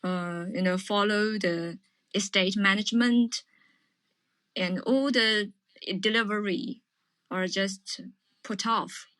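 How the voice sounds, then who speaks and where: A woman calling in, speaking in a measured, careful way. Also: mid-range voice, steady tone, a bit bright, no echo. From China. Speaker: caller. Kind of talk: casual chat.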